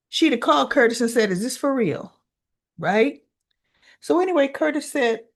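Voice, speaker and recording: A woman hosting a casual soap opera recap, retelling scenes in an animated way and acting out what the characters said. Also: fairly high pitch.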